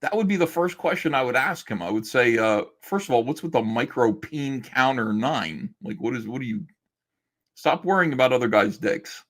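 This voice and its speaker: A man's voice: medium pitch, animated, moderate pace. A man hosting a livestream from home, ranting in a sarcastic, mocking, rambling way. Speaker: livestream host. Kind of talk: casual livestream rant.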